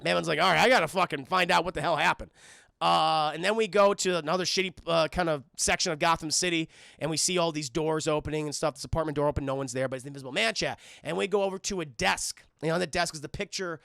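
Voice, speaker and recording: A man on a live stream recapping a cartoon episode scene by scene, excitable and profane, constantly talking to his chat. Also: fairly high pitch, fast, creaky, few pauses, smooth, no echo.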